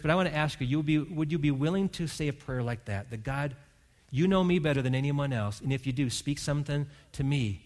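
A man preaching a sermon as pastor, telling a Bible story and voicing its characters, rising to loud emphasis. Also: mid-range voice.

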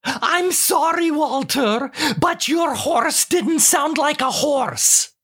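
A woman's voice: sits high, expressive, takes it slowly, a bit bright, full character voice. A woman playing a sarcastic, teasing wife in a scripted comedy sketch, tossing off dry, mocking put-downs. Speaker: co-host of a comedy show.

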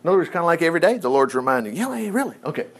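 A man preaching a sermon in a folksy, animated way, with chuckling asides and quick shifts between reading and commentary. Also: fairly high pitch. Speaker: pastor.

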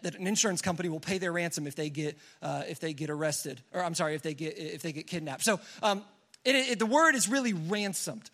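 A young man with a high voice gives an energetic youth sermon. His delivery is conversational and casual, and he keeps pulling the room into call-and-response. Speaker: youth pastor.

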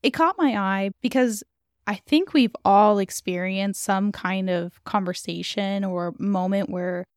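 A woman's voice: mid-range voice, measured pace, no echo, studio quality. A woman hosting a book discussion, talking in a thoughtful, earnest way. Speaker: book reviewer host. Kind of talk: reading aloud and discussing a book.

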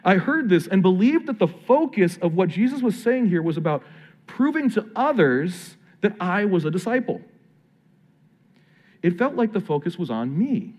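A man preaching a sermon with a fairly high voice that swings widely in pitch. He speaks like a pastor addressing his congregation, conversational and earnest, slowing down to stress key phrases. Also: sing-song, darkish tone.

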